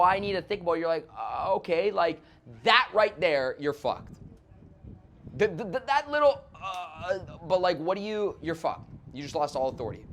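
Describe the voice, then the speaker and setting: A man's voice: fairly high pitch, a bit bright, a little hiss or hum. A man talking as a guest sales trainer in an interview, brash and profane, acting out sales calls as he explains. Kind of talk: animated podcast interview.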